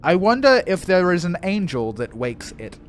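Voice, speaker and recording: Lively male game streamer, swears freely; music bed underneath. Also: sits high, normal speed. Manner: excitable, swearing, laughing often. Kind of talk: casual live-stream commentary.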